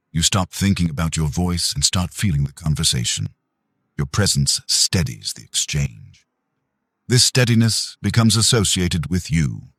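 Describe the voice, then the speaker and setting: Guy narrating a self-help audiobook, slow and measured, real low breathy voice, dry close sound. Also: no room sound.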